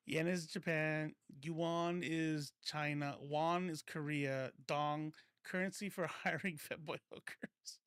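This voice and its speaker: A man with a fairly high voice hosts a casual political livestream, talking loosely and cursing as he goes. He often stops to correct himself and breaks into laughter. The sound is dry and close, with no room around it. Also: fairly even intonation, slow pace, fairly bright tone, smooth, dry recording. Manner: rambling, self-correcting, laughs often, swears freely. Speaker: political commentary streamer.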